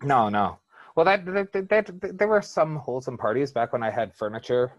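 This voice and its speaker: A man's voice: medium pitch, lively intonation, moderate pace, no room sound. A man telling rambling stories in casual chat, with lots of fillers and swearing.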